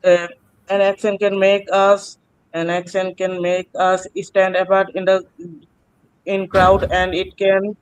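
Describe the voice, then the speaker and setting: A man answering oral exam questions, halting and hesitant with many pauses and restarts. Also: high-pitched, completely flat delivery, clean tone, muffled recording. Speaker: student taking an oral exam.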